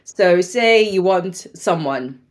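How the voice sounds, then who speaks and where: Here is a woman speaking as a guest on a podcast, with a fairly low voice. She talks casually and chattily, often breaks into laughter, and uses lots of fillers. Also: lively intonation, takes it slowly. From Sri Lanka. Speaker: guest, medical doctor.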